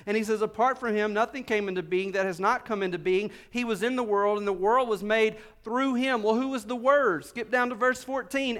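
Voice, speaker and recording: A man preaching a sermon, reading scripture aloud and swinging between loud proclamation and quiet, low asides. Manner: reads scripture aloud with slowed, stressed phrases.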